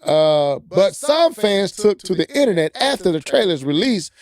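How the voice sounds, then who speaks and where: A man's voice: sits high, sing-song, normal speed, a crowd in the background. A man co-hosting a casual gaming podcast, reading an article aloud and breaking off with playful asides. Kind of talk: casual gaming news chat.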